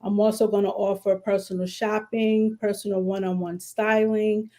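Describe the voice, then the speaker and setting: A woman's voice: level tone, moderate pace, rough recording. A woman launching a clothing boutique, speaking in an upbeat, enthusiastic way on an online panel. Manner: upbeat, warmly enthusiastic pitch. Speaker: panel guest, boutique owner. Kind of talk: casual online panel chat.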